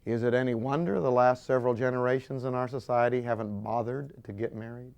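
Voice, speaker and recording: A man preaching a sermon with animated storytelling, acting out scenes as he goes. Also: mid-range voice, a little fast, gravelly, smooth.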